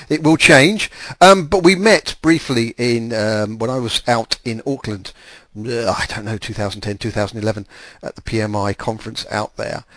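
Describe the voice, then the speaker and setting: A man's voice: medium pitch, a bit bright, no echo. A man hosting a podcast, chatting casually with lots of ums and restarts. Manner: rambling, with many fillers and restarts. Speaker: podcast host.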